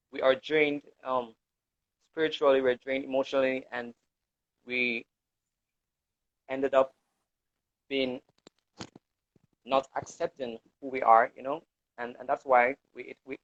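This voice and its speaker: A man's voice: mid-range voice, fairly bright tone, no echo. Guy talking it over on a talk show, lots of um and you know, dry dull audio. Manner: hesitant, fills with "um" and "you know". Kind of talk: casual discussion. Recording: dull lo-fi recording.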